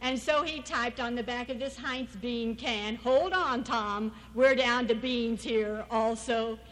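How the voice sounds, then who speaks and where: A woman's voice: a little high, a bit bright, poor audio. A woman giving an anecdotal church talk as a missionary speaker, storytelling and acting out the people she quotes.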